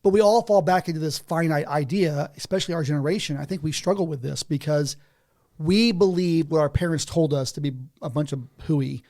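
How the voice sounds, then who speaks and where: This man's voice sits a little high and moves briskly. As a podcast guest at a house, he chats casually, spinning lively stories and laughing between his sentences.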